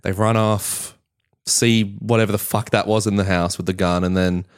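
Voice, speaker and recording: A man's voice: lowish voice, fairly even intonation, moderate pace, clear, resonant tone. Sarcastic man griping about a show. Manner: sarcastic, gripes and swears freely. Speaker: podcast co-host. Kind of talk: casual chat.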